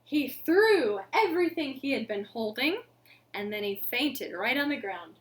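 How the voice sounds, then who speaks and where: Librarian reading a picture book to kids from home; high, slow and very expressive, building suspense. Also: female voice. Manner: expressive, dramatic, drawn-out storytelling with pauses for suspense. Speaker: children's librarian reading a storytime. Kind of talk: children's picture-book read-aloud.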